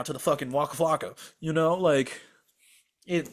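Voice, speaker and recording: A man's voice: fairly high pitch, moderate pace. A young man co-hosting a podcast over a video call, telling a story as a profane, exasperated rant. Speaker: podcast co-host.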